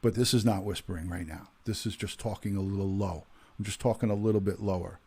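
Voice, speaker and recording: Husky low-voiced man in his fifties. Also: steady tone, fast talker, dark tone. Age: 50s. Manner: chatty, greets viewers by name, many ums and uhs. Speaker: retired police detective hosting a livestream. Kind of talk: casual livestream chat.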